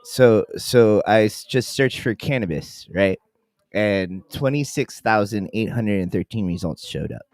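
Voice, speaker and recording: A laid-back male co-host with a fairly low voice, joking his way through casual chat. He often stumbles and restarts mid-sentence, and the sound is close and dry. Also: measured pace, a little mellow, no echo. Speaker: podcast co-host.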